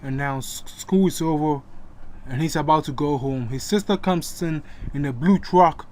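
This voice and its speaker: A man's voice: a little high, moderate pace, darkish tone. A man casually retelling a comic story, with chatty asides to the listener. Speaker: narrator.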